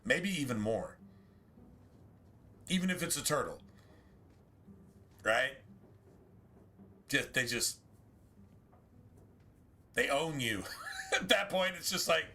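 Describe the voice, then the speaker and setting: A man's voice: medium pitch, sing-song, takes it slowly, pauses often, pushed and bright. A man streaming a video game, chatting casually in a rambling way, full of restarts and asides. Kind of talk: casual chat while streaming gameplay.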